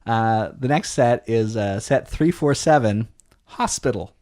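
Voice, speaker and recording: A man's voice: medium pitch, a little slow, a little mellow. A man co-hosting a podcast, chatting casually and jokingly about toy sets. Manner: jokey, with playful quoted voices. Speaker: podcast co-host. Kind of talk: casual chat.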